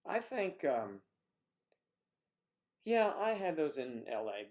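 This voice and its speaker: A man's voice: a little high, sing-song, slow pace, a little mellow. A man hosting a livestream, chatting casually and joking in rambling asides as he reacts to viewer comments. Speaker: livestream host.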